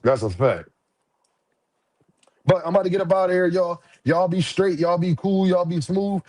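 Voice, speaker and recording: A man's voice: high voice, moderate pace, darkish tone, no echo. A man hosting a boxing livestream, talking in loose, profane, repetitive slang. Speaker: boxing commentary streamer. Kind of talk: casual livestream chat.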